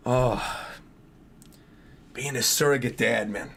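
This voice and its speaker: A man streaming a live reaction to a new manga chapter, his voice hoarse and worn, chatting excitedly to his viewers as he reads along and thinks aloud. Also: a little high, moderate pace, long pauses. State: hoarse from yelling the night before.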